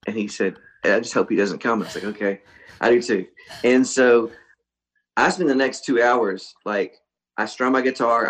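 A man's voice: on the low side, poor audio. A man telling a long story in casual chat, acting out the voices of the people in it. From Texas. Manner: animated storyteller, acts out voices of people in his stories. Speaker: guest musician.

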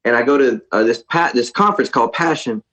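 A man, a musician guest, telling a lively story in a casual interview, often mimicking others. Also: mid-range voice, fast talker, poor audio.

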